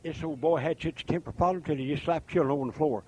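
Man, revival preacher, folksy sermon, shouts then drops low, somewhat high voice. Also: rapid-fire, slight background noise. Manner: swings from shouting to hushed, folksy.

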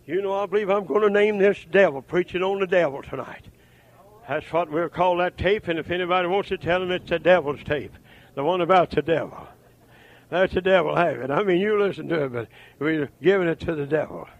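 An older man preaching a fiery revival sermon, swinging from shouted, chanting runs down to low, muttered asides. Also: fairly quick, highs cut off.

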